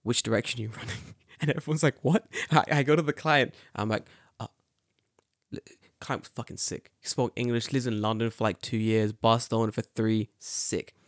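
A young man chatting casually on a podcast, telling a story with lots of swearing and acting out the quotes with sudden loud, high jumps in his voice. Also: normal speed, no echo, clean studio sound. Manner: animated, swearing, acts out quotes with big jumps in pitch. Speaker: podcast co-host.

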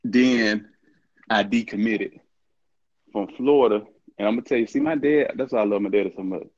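A middle-aged former college football player, interviewed as a guest, tells casual stories with plenty of laughter and acted-out quotes. His voice is lowish and a little mellow, at a normal speed. The sound is muffled, with no echo.

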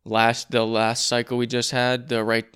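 Casting: young guy, smooth clear voice, animated podcast co-host. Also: mid-range voice. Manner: talks in fast restarts, emphatic on alarming points. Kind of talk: casual chat.

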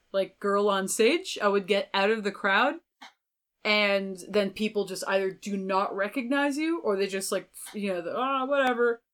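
A young woman, a violinist guest on a podcast, telling stories in casual, chatty talk full of filler words. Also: medium pitch. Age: young adult. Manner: chatty, lots of filler words, animated storytelling. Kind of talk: casual interview chat.

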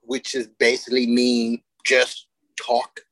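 A woman co-hosting a casual podcast, telling stories loosely with frequent laughter and drawn-out emphasis on key words. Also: a bass voice, monotone, no room sound. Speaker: podcast co-host.

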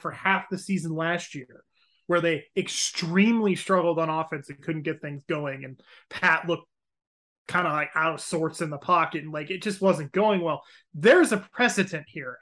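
A man co-hosting a casual sports-betting chat who hedges and stumbles over his openings while he thinks out loud. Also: high-pitched. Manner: hedging, stammers at starts, thinks aloud. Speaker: podcast co-host.

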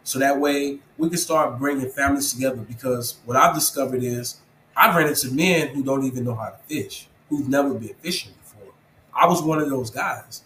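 A man's voice: mid-range voice, a little fast, fairly bright tone, reverberant, a little hiss or hum, rough recording. A man being interviewed, talking earnestly about faith and perseverance and urging listeners directly in a preachy, casual way. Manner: earnest, preachy encouragement, calls listener "bro". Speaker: interview guest, program founder.

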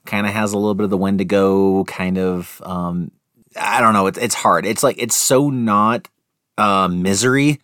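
A young man co-hosting a casual chat, full of jokes and teasing asides. His voice is very deep. The recording is close and dry, with no room echo. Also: steady tone, normal speed, fairly bright tone. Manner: joking, teasing, playful asides. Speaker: co-host.

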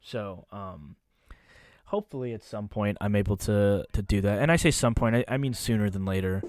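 A man's voice: on the low side, normal speed, darkish tone, no room sound. A man talking loosely and candidly as a podcast guest, swearing now and then. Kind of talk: casual podcast chat.

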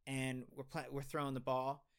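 A young man co-hosting a podcast tells a long story, his casual talk rambling and profane with many restarts. His mid-range voice is smooth and monotone at normal speed.

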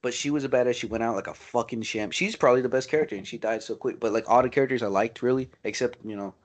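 A man chatting casually about a movie as a podcast co-host, excitable, swearing freely and calling his friend "dude" and "bro.". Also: mid-range voice, rapid-fire. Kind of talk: casual movie review chat.

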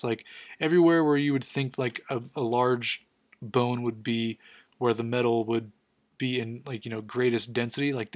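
A man giving a casual, enthusiastic comic book recap, quick and full of fillers. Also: medium pitch, no room sound. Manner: rapid, filler-heavy, enthusiastic.

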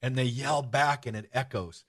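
A man hosting a radio-style podcast, telling stories in a casual, animated way. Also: mid-range voice, moderate pace, breathy edge. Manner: storytelling, animated, shouts out rallying cries. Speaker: podcast host. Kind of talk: casual radio-show chat.

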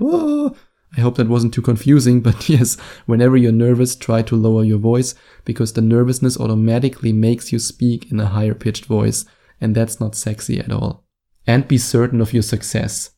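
A man giving dating advice straight to camera, his delivery slow and deliberate with pauses left hanging. His voice has a gravelly fry in it and a dark, mellow tone. He sits at a middling pitch for a man. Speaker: dating coach and author.

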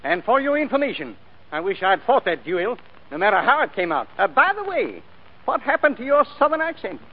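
A man's voice: sits high, very animated, a little fast, slightly rough, heavily acted. An actor playing a stiff, fussy male opera house manager, formal and hesitant, in 1940s film acting. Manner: formal, hesitant, sir-laden. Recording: dull old film soundtrack.

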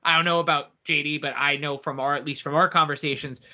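A man co-hosting a casual podcast, talking in an excitable, animated way. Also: on the high side, fast. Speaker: podcast co-host. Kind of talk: casual chat. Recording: dull lo-fi audio.

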